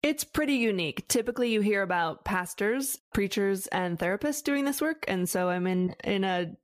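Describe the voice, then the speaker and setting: A woman's voice: medium pitch, animated, normal speed, no echo, studio quality. A woman who coaches widows, answering interview questions in an earnest, reflective, flowing way.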